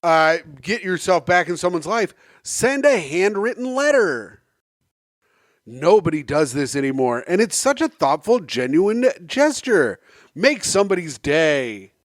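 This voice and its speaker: A man's voice: high-pitched, big pitch swings, a little slow, no room sound, studio quality. A man co-hosting a podcast in casual comedic chat, telling stories and teasing his co-host. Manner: joking storyteller, teasing.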